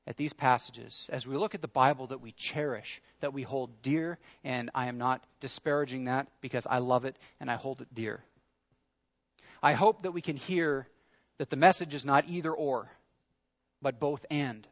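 A man's voice: mid-range voice, dull audio. A man preaching a sermon in an earnest, conversational way, leaning into his questions. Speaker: pastor.

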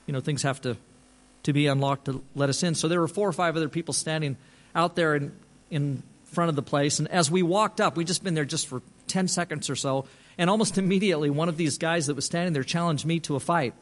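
A man's voice: a little high, a little fast. A man who is a pastor, telling a story in a sermon in a conversational way, often restarting his phrases.

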